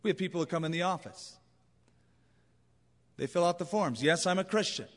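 A man's voice: high-pitched, moderate pace. A man preaching a sermon as a pastor, in a conversational, emphatic way with anecdotes. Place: large church auditorium. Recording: long reverb of a large hall.

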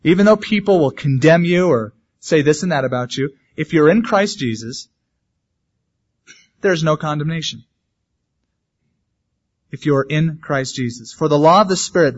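A male pastor preaching a sermon in a conversational way, with humorous asides. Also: a little high. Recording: dull lo-fi sermon recording.

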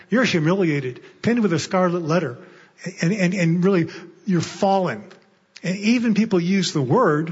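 A man's voice: on the high side, slightly rough. A man preaching a sermon as a guest speaker in a church, emphatic, often repeating a word as he starts a thought. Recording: muffled echoey church hall.

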